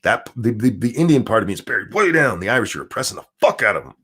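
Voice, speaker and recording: A man's voice: sing-song, fast, bright, forceful tone, breathy edge. A man hosting a live stream, ranting and mocking in casual, profane commentary. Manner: profane, mocking rant with sudden pitch jumps. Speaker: streamer and show host.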